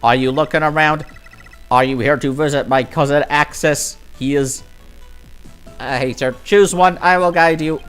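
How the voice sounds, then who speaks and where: A man's voice: on the high side, steady tone, moderate pace, a bit bright, clear, resonant tone, faint music behind, lightly acted. A man voicing a peppy, eager little female guide robot in a chirpy, sing-song way while reading a game's dialogue aloud. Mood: cheery. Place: home streaming setup.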